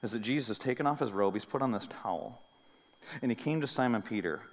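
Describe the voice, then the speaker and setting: A man's voice: medium pitch, quick pace. Man preaching in a reverberant sanctuary. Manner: animated preaching, swinging from soft to loud; conversational, with asides and light humor. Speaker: pastor. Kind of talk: sermon. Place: church sanctuary.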